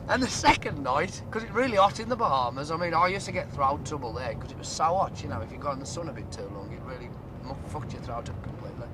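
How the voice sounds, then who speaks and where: A man's voice: lively intonation, fast, hardly any pauses. A young man in his twenties, a band member swapping laughing road anecdotes in a casual chat. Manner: laughing, chatty storytelling. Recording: noisy archive radio tape with engine rumble.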